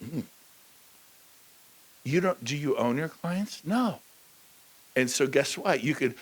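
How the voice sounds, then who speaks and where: A man giving a high-energy motivational talk at a conference, joking with the crowd and slipping into quick impressions of people. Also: expressive, slightly rough. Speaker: keynote speaker. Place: large conference hall.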